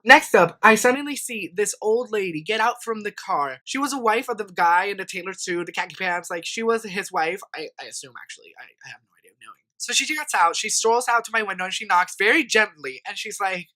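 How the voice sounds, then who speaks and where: A young man in his twenties telling a profane, animated story for his vlog, mocking the people in it. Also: high voice, quick pace, hardly any pauses. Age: 20s. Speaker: vlogger.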